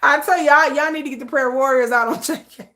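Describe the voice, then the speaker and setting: A woman's voice: high-pitched, fairly even intonation, a little fast, sharp tone. A woman vlogger chatting casually to her viewers in a playful, joking way, laughing often. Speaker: K-pop news vlogger. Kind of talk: casual chat to camera.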